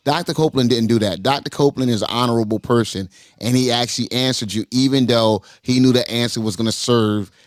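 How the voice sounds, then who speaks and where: A man moderating a live debate on a talk show, cutting in and stressing his points slowly. His voice sits at a middle pitch, with a dry, close sound. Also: no echo. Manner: interjecting, emphatic, slows down to stress points.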